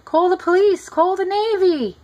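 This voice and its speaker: A woman putting on a panicky man coach, storybook read-aloud, shrieking, shrill and loud. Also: takes it slowly, lo-fi sound, full character voice. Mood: panicked. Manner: shrieking, bellowing. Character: blustering male swim coach, easily panicked.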